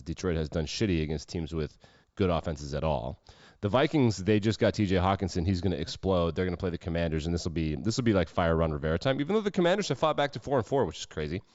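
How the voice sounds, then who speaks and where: A man's voice: sits low, lively intonation, quick pace, a little mellow, no room sound, muffled recording. A man hosting a podcast, giving opinionated, brash sports betting picks in casual chat and swearing freely. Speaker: podcast host.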